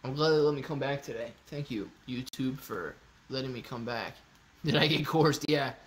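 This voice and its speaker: A man's voice: medium pitch, moderate pace, a bit bright. A man hosting a casual livestream, joking around and answering viewers' comments by name. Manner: joking, loose, talks to chat by name. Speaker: livestream host. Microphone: phone used as webcam.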